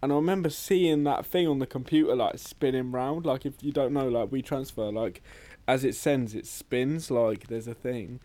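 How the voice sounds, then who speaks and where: A man's voice: medium pitch, normal speed, few pauses, mellow. A young man co-hosting a casual podcast, rambling and swearing a lot. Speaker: podcast co-host.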